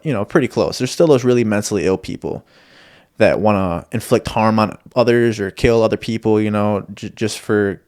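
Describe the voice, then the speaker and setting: A young man with a lowish voice tells stories in a loose, rambling monologue. He swears freely and pokes fun at himself as he goes. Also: darkish tone. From Michigan. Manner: profane, rambling, self-deprecating. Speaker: podcast host. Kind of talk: casual storytelling monologue.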